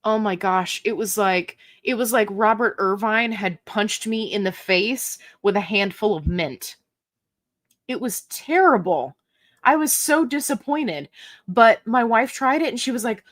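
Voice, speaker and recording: A woman's voice: mid-range voice, animated, a little slow, fairly bright tone, no echo, clean studio sound. A woman hosting a casual live Q&A stream, reading viewer comments aloud in a chatty, playful and self-mocking way, laughing often. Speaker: livestream host.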